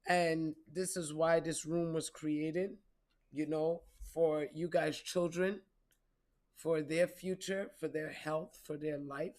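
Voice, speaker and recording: A woman's voice: low-pitched, steady tone, slow pace, darkish tone. A woman giving a casual spiritual reading, profane, playful and preachy. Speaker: spiritual reader.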